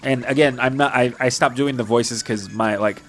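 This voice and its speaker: A man's voice: mid-range voice, moderate pace, soft background music. A man with a stuffy nose giving rambling, casual commentary while playing a video game. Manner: rambling and casual, many fillers. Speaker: gamer playing on stream. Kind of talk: let's play commentary.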